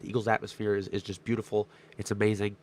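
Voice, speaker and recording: A young man with a stuffed-up nose, his voice strained from yelling, rambling excitedly through a casual sports recap vlog. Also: lowish voice, fast, a little hiss or hum. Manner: rambling, excitable, many fillers. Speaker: sports vlogger.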